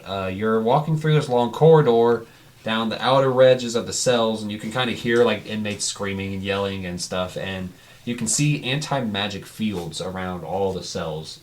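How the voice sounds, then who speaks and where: A man's voice: lowish voice, slight background noise. A man narrating as game master for a tabletop game, loose and rambling with many fillers.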